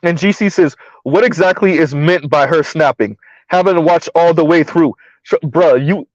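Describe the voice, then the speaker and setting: A man's voice: on the high side, normal speed, darkish tone, no echo, highs cut off. A man hosting a casual commentary show, talking in a blunt, sarcastic, rambling way.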